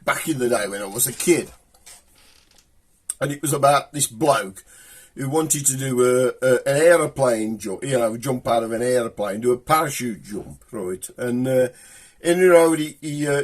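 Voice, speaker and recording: A man with a Black Country accent hosting a comic show, telling a long joke in a rambling, chatty way. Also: mid-range voice. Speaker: host.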